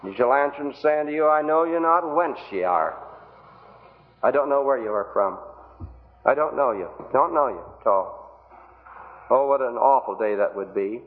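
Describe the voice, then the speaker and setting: Long pauses break up this man's preaching, delivered in a mid-range voice at normal speed. He pleads earnestly with the congregation through rhetorical questions in an evangelistic sermon, captured on a tinny, phone-like old recording.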